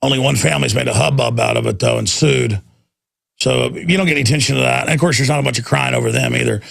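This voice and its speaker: Gravelly, intense male talk radio host. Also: mid-range voice, fast talker, fairly bright tone. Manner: intense, combative, ranting. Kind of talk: political talk radio monologue.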